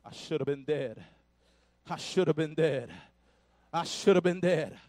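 A man preaching a Pentecostal sermon, shouting in call-and-response and dropping to quiet asides. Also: on the high side, measured pace. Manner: breathless, drops to quiet asides. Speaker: pastor.

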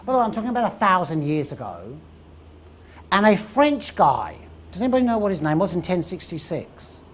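A woman lecturing to a live audience in a lecture room. Her voice sits on the low side but leaps around with lively, animated inflection. She spins history into a story and keeps asking the audience questions, over a faint hum of room ambience. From England.

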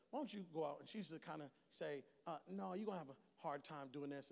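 Gravelly high-pitched preaching man, echoing hall. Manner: preaching with rising shouts and storytelling. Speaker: pastor. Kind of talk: sermon. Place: large church hall. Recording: long hall reverb.

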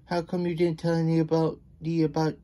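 A man's voice: fairly high pitch, completely flat delivery, moderate pace, dark tone, pitched above the performer's own voice, close to an everyday voice. A man reading as an earnest little boy. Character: boy sand-castle builder, earnest.

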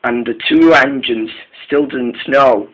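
A man narrating a train story, halting, with frequent restarts and repeated words. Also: medium pitch, fairly bright tone, low-quality recording. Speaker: story reader.

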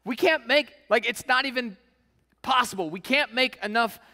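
Man doing frantic whining foremen, very high squeaky pleading, sharp edge, long hall echo. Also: moderate pace, full character voice. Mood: exasperated. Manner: pleading, whiny, casual slang. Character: frantic, exasperated Israelite foremen, grown men.

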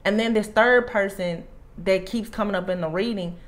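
A woman's voice: mid-range voice, normal speed. A woman with a Southern US accent delivers a tarot reading straight to her viewers. She talks emphatically, circles back to her warnings, and leans on repeated phrases. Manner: emphatic, repeats warnings, drawls "I'm telling you". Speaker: tarot reader. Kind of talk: channelled tarot reading to camera.

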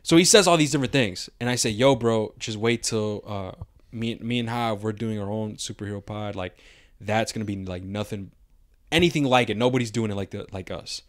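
Low-voiced young man, casual slangy storytelling. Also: brisk, no echo, clean studio sound. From Mexican-American. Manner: loose, rambling storytelling with heavy slang and swearing. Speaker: podcast co-host. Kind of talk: casual podcast chat.

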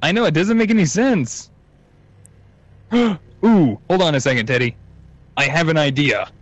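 A man's voice: a little high, moderate pace, a bit bright, no room sound. A man casually chatting while playing a game, laid-back, with frequent ums and laughs. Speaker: let's play co-player. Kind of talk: casual gaming banter. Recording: slightly dull lo-fi mic.

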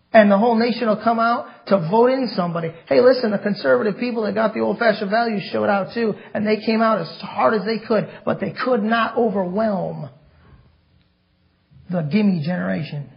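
Gravelly high-voiced preacher, fiery sermon. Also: male voice. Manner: reads scripture slowly, then rants and grows loud. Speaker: pastor. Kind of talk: fiery sermon with scripture reading. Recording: dull lo-fi sermon recording.

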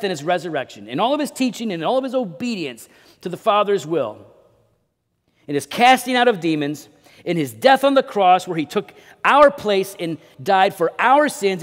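A man preaching a sermon as pastor, with dynamic delivery that swings between loud emphasis and quiet low drops. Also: in a large hall. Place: church sanctuary.

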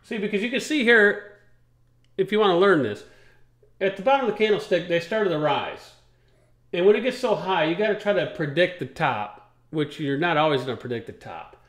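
A man with a somewhat high voice hosts a casual trucking talk show, rambling in a folksy, plain-spoken way. He explains things step by step, and the sound is roomy and echoey. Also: expressive, moderate pace, a bit bright.

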